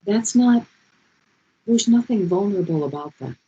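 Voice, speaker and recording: Passionate session leader, husky voice, dull lo-fi call audio, repeats key lines. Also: medium pitch, animated, normal speed, warm tone. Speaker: speaker leading a group session. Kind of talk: heartfelt motivational talk. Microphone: video call.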